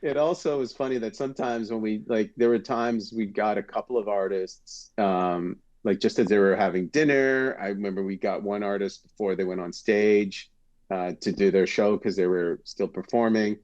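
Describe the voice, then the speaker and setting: A man born in Britain, a former TV host, telling stories as a podcast guest in a lively, animated way, jumping up in pitch when acting out what people said. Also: normal speed, highs cut off. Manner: animated storyteller, acts out quotes with big pitch jumps. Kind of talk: casual storytelling chat.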